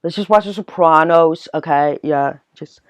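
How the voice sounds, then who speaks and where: A man putting on a loud, swaggering young New Jersey party guy in a put-on New Jersey accent. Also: a little high, normal speed, smooth, no room sound, natural voice. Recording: dull, dry, lo-fi recording.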